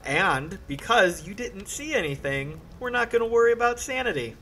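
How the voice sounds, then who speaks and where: A man running a tabletop horror game as game master, calm and encouraging, with faint background noise. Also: high voice, normal speed. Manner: calm, encouraging, dramatic narration at the close.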